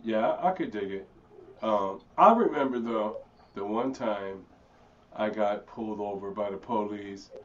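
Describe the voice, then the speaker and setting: A man's voice: on the low side, measured pace. Laid-back man from Philly, off-mic. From Philadelphia. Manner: storytelling, animated impressions. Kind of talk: casual chat. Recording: distant mic, dull lo-fi sound.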